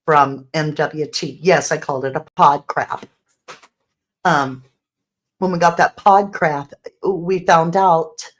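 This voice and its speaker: A woman hosting true crime commentary who reads out messages and asks speculative questions about the case. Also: sits low. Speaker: true crime channel host.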